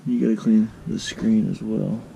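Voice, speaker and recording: A man's voice: on the low side, flat delivery, moderate pace, gravelly. A man casually talking through a DIY motorbike oil change outdoors, muttering and cursing as he works. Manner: mutters and curses while working. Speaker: home mechanic. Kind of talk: casual how-to commentary. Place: outdoors beside a flower bed. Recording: noisy outdoor camera recording. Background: outdoor ambience and vehicle noise.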